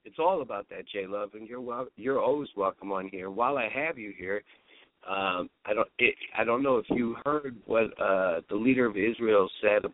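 A man's voice: lowish voice, moderate pace, dry recording. A man hosting an internet call-in radio show, laid-back and stammering, often repeating his words. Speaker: host. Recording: dry tinny phone line.

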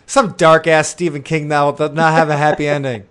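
A man's voice: a little high, little pitch movement, a little fast, fairly bright tone, smooth. A man hosting a casual podcast chat, joking and rambling with lots of fillers. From Milwaukee. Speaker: podcast host.

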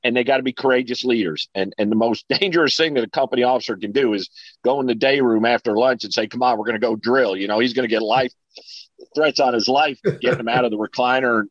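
A man's voice: medium pitch, fast talker, dry recording, dull audio. A man speaking as a guest in a casual panel discussion, earnest and repeating words as he starts his sentences. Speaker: panel guest, fire officer.

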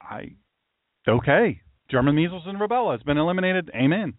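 A man, a pastor, giving a mocking, animated commentary monologue and talking to an imagined audience. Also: on the high side, brisk, no room sound. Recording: tinny phone-like dry sound.

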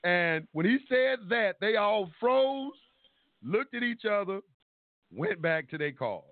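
High-voiced man telling a story over the phone. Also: slow pace, dry recording. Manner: animated storytelling, acting out quotes, swearing. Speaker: caller. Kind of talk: call-in radio storytelling. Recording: tinny phone line, dry.

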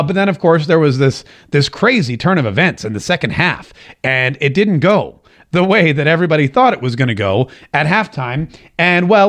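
A man hosting his own talk show in a casual, jokey monologue, animated and doing voices when he quotes people. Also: fairly high pitch. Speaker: radio talk show host.

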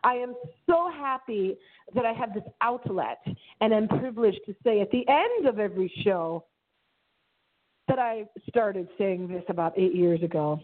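A middle-aged woman hosting her internet radio show alone, talking in a theatrical, dramatic way with big swings in pitch. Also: lively intonation, moderate pace. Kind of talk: solo radio show monologue. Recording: phone-line audio.

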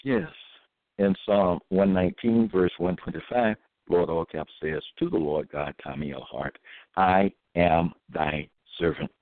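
A man giving a scripture-reading monologue as a religious podcaster, reading verses slowly and solemnly and pausing often with fillers. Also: low voice, dry recording. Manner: halting, with many pauses and fillers. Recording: dry, tinny phone-like audio.

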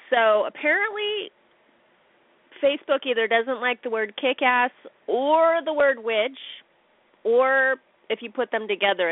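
A woman's voice: a little high, no echo. A woman hosting her own podcast, chatting casually in a bubbly, giggly, self-deprecating way. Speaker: podcast host. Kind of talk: casual solo podcast talk. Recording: tinny phone-line sound.

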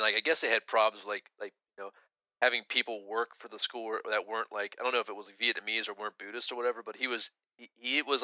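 Rambling storyteller man, bright dry voice. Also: fairly low pitch, no room sound, highs cut off. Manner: rambling, many restarts and "like" fillers. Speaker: podcast co-host. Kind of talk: casual storytelling chat.

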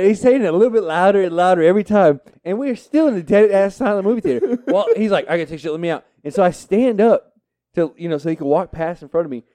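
Middle-aged Texan man, raised pitch, dry close mic, animated storyteller who laughs a lot. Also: fast, dry recording. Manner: animated, laughing, acts out other people's lines. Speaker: podcast co-host. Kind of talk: casual storytelling among friends.

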